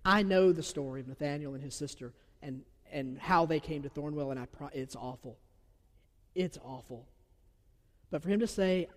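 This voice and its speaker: Southern pastor preaching in a reverberant hall. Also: male voice, fairly high pitch, a little fast. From Georgia. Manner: earnest, swings from loud emphasis to soft near-whisper. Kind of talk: sermon. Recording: long reverb of a large hall.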